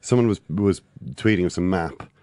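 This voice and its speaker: An Irish man talks football on a podcast in an extremely deep voice, pausing often with "uh" and "um". His dry wit comes through, and the sound is dry and close. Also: a little mellow, clear, resonant tone, dry recording. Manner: hesitant, full of "uh" and "um", dry wit. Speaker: football pundit. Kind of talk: casual football chat.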